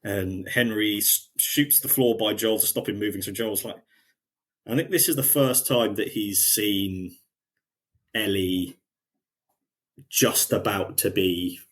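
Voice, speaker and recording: A man's voice: fairly low pitch, takes it slowly, pauses often, fairly bright tone. A man, co-hosting a podcast and casually retelling scenes from a show. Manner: retelling scenes, quoting characters in a lighter voice. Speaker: podcast co-host. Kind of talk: casual chat.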